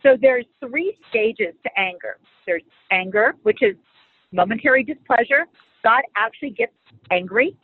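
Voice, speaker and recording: A middle-aged woman speaking as a guest on marriage and faith, teaching in a conversational, animated and humorous way. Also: fairly high pitch, unhurried, husky, dry recording. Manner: animated and humorous, acts out quoted lines. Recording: phone-like dry audio.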